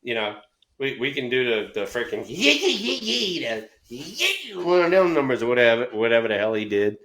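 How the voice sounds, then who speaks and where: A man's voice: medium pitch, a little fast, noisy background. A middle-aged man co-hosting a casual baseball talk show, telling stories with acted-out voices and plenty of swearing. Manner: animated storyteller, acts out voices, swears freely. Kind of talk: casual storytelling chat.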